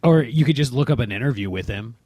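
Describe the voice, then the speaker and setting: A man's voice: medium pitch, animated, quick pace, dark tone. A man co-hosting a casual comedy talk show, cracking crude, teasing jokes. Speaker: co-host.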